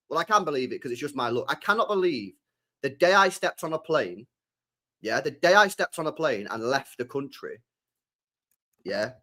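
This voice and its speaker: Young man, streamer host, slangy and loose, slightly high voice, jumps between shouting and mumbling. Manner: loose and chatty, slang-heavy, swings from loud bursts to mumbling. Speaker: football channel host. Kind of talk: casual live-stream chat.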